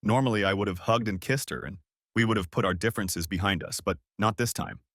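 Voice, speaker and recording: A man's voice: fairly low pitch, fairly quick, fairly bright tone, no echo, studio quality. A man reading a first-person revenge story aloud in a bitter, sardonic manner. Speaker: narrator. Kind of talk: first-person audiobook narration.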